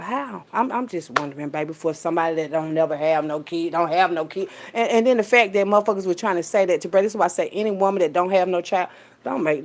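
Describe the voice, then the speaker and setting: A woman, telling a story in a casual rant full of profanity and swinging between loud, high bursts and low, quiet asides. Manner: animated, profane, streetwise storytelling with big pitch jumps when quoting people. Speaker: vlogger.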